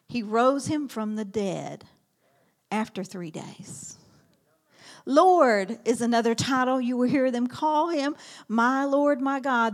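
A woman teaching a sermon, reading Bible verses aloud in an earnest manner and dropping to a whisper at key words. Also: high voice.

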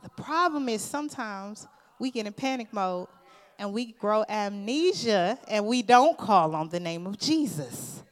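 A woman's voice: mid-range voice, expressive, unhurried. A woman preaching a sermon. She tells a personal story in an earnest, emphatic way, speaks informally, and addresses the congregation directly as "y'all.". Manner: informal, conversational phrasing.

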